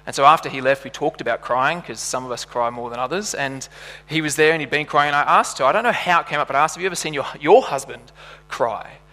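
A man's voice: fairly high pitch, quick pace, pushed and bright, in a large hall. A man preaching a sermon, earnest and building to passionate emphasis, with a slight hum behind him. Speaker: pastor.

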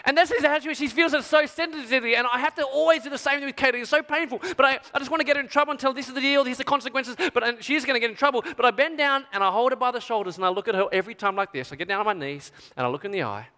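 Aussie guy preaching, chatty and animated, keeps saying right?, sounds bright in an echoey hall. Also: extremely high pitch, rapid-fire, hardly any pauses. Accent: Australian. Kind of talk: storytelling sermon to a youth event. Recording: long hall reverb.

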